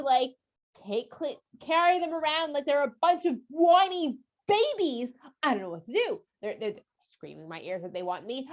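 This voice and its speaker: A woman's voice: sits high, voice pushed up. An exasperated, overwhelmed male leader at the end of his rope, played by a woman. He pleads in a raised, flustered voice, and the sound is a little dull and lo-fi.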